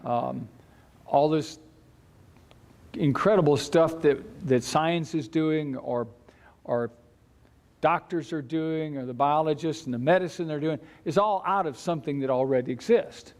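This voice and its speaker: A man teaching a church Bible class in a conversational way, with halting restarts and light chuckles. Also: fairly high pitch, darkish tone.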